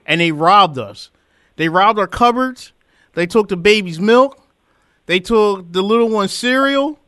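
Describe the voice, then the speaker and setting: A man hosts a casual sports talk show and vents with emphatic, repetitive phrasing. His voice sits a little high and sounds smooth and clear. The close mic is dry, with no room sound. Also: unhurried, sharp tone, no echo. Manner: emphatic, ranting, repeats for effect. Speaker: podcast host.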